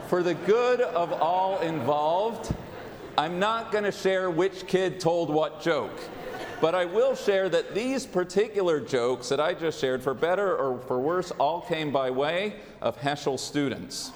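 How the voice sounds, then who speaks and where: A man giving a sermon as a rabbi, with a measured, wry delivery. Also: a little high, expressive. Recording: long hall reverb.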